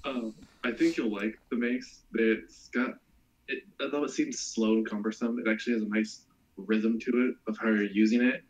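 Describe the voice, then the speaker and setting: Laid-back man, low voice, gaming chat. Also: fairly even intonation, normal speed, low-quality recording. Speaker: podcast co-host.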